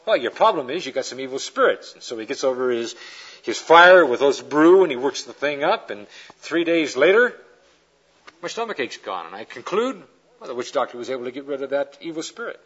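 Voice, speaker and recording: A man's voice: medium pitch, brisk, breathy edge, muffled recording. A man preaching a lecture-style sermon, telling illustrations and acting out the people in them. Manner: animated storyteller acting out quoted characters.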